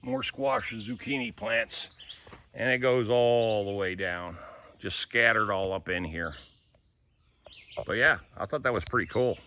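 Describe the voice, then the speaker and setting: A man's voice: lowish voice, measured pace, pushed and bright, a little hiss or hum. A man vlogging casually, walking through his garden and telling folksy stories. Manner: folksy storyteller. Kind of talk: casual vlog walk-through. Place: rural garden outdoors.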